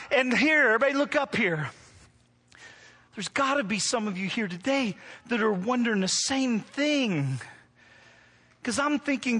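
High bright-voiced male preacher. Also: animated, unhurried. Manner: storytelling with humor, rising to emphatic preaching. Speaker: pastor. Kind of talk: sermon. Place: church before a congregation.

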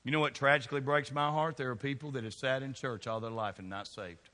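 Folksy Kentucky pastor with a bright voice. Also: male voice, mid-range voice, fairly even intonation, fast talker, big-room sound. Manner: folksy, teasing congregation members by name. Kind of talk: sermon. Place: church sanctuary.

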